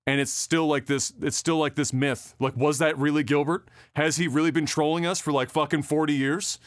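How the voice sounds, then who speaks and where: A man's voice: a little high, steady tone, normal speed, dry recording, studio quality. A man co-hosting a casual podcast, rambling and swearing freely, with plenty of fillers. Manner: rambling, profane, with frequent fillers. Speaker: podcast co-host.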